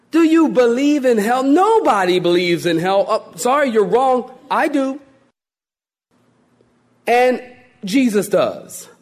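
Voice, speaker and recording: A man preaching from the pulpit in a high voice that climbs and dips all over the place. He jokes with the listeners and acts out quoted voices as he goes. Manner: animated preaching with joking asides and voiced quotes. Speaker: pastor. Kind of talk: sermon.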